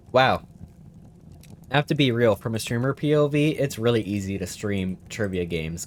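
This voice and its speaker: A man's voice: lowish voice, a little hiss or hum. A young man streaming a trivia game, chatting casually, often bewildered and poking fun at himself. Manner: bewildered, chatty, self-mocking. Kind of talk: casual live-stream commentary.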